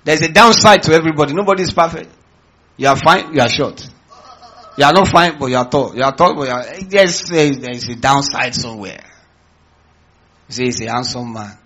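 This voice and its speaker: A man's voice: mid-range voice, fairly quick, a bit bright, breathy edge. A man preaching a sermon as pastor, calling out to his congregation with questions and rallying lines. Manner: preaching with call-outs to the congregation.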